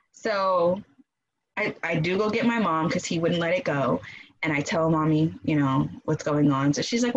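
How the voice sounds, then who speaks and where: A woman casually telling a personal story in an animated way, acting out quoted voices and laughing often. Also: on the low side, normal speed, muffled recording. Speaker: guest telling her birth story.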